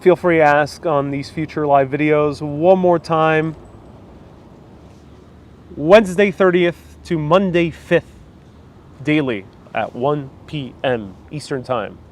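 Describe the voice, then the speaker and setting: A man's voice: on the high side, slow, slight background noise. A man with a New York accent, chatting casually on a live stream and answering viewer comments, rambling with fillers and restarts. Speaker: vlogger hosting a live stream.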